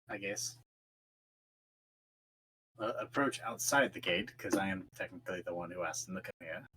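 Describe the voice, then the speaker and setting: A man's voice: deep voice, normal speed, pauses often, bright, forceful tone, husky, rough recording. A man playing a tabletop game, chatting wryly and casually. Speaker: player.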